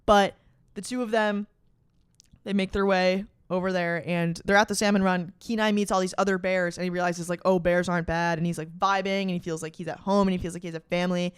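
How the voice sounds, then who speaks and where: A woman's voice: on the low side, steady tone, a little fast, smooth, no echo, studio quality. A young adult woman hosting a podcast, retelling a story in casual, profane, slang-filled chat with dramatic emphasis. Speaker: podcast host.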